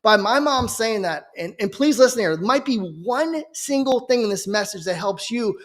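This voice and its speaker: Man, high voice, earnest preacher, personal testimony, fervent, keeps asking "okay?". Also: expressive, moderate pace. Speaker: Christian preacher giving his testimony.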